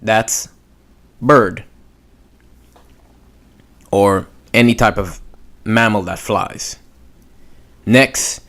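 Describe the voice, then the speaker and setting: A male teacher with a somewhat low voice takes a beginners' class through pronunciation. He talks very slowly and leaves long gaps. He repeats each sound patiently so learners can follow. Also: a bit bright. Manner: patient, drawn-out pronunciation demos. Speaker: language teacher. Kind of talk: slow spoken lesson.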